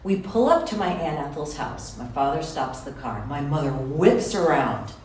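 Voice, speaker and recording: A woman telling a personal story to a live audience in a lively, chatty way, often speaking to the crowd directly. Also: sits low, normal speed. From Wisconsin. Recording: roomy hall from far off, faint room noise.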